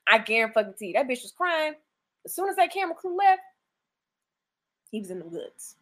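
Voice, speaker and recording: A woman's voice: fairly high pitch, big pitch swings, fairly quick, a bit bright. A woman co-hosting a casual chat, recapping reality TV bluntly and profanely, with mocking put-on quotes. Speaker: podcast co-host.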